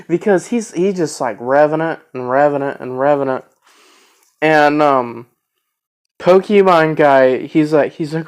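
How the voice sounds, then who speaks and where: A man's voice: on the high side, a little slow, clean tone. A man in his twenties telling a story casually, rambling with lots of fillers and restarts. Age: 20s.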